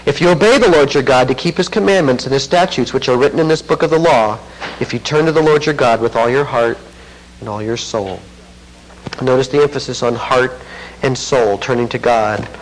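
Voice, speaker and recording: The audio is poor as a man preaches at a moderate pace, reading scripture and explaining it in expository fashion. He is earnest throughout, his emphasis rising fervently and then falling low.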